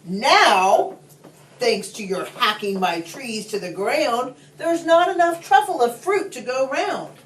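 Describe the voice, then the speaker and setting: Lady reading as a cranky little male forest creature, high and sing-song, scolding, echoey room. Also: expressive, recorded from a distance. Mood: indignant. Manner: scolding, slow, rhyming speech.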